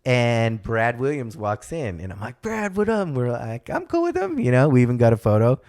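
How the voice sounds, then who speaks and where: A man guest in a casual podcast chat, telling animated anecdotes and acting out the voices of people he quotes. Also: mid-range voice, normal speed. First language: speaks German from a German mother.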